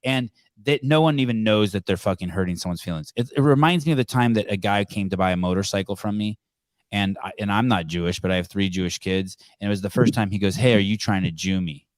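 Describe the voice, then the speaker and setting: A man's voice: fairly low pitch, fast talker, no room sound. A man hosting a call-in podcast, talking casually with many restarts and repeated words. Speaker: podcast host.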